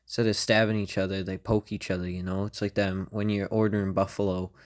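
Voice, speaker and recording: A man's voice: deep voice, level tone, fast talker. A young man hosting a comedy podcast, rambling through a loose monologue and tagging nearly every phrase with "right?" or "you know?". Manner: meandering, constant "right?" and "you know?" tags. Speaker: podcast host.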